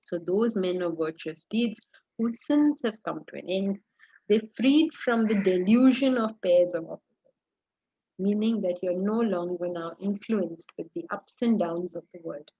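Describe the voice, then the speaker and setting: A woman's voice: mid-range voice, a little slow, dark tone, slightly rough. A woman with an Indian accent teaching a scripture class in a conversational way, often checking in with her listeners and repeating phrases in lists. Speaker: spiritual teacher. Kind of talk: scripture lecture. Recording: dull lo-fi recording.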